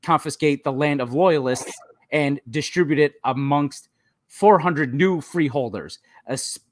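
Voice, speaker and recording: A man of middle pitch co-hosts a casual history podcast, talking in a loose, chatty way, full of ums and laughs. His voice is close and dry, with no room sound. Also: dry recording. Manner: relaxed, laughs often, many ums and restarts. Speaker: podcast co-host.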